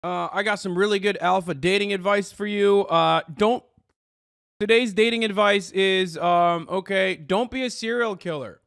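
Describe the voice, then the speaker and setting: Man mocking a clumsy dating guru, loud, halting, full of ums, dry close sound. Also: high voice, creaky, clear, resonant tone, no room sound. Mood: mock bravado. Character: bumbling mock male dating guru, fake-confident.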